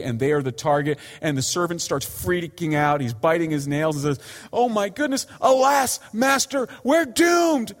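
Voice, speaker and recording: Man preaching in a reverberant hall. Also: a little high. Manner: earnest pleading, voice rising and falling with emphasis. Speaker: pastor. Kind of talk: sermon.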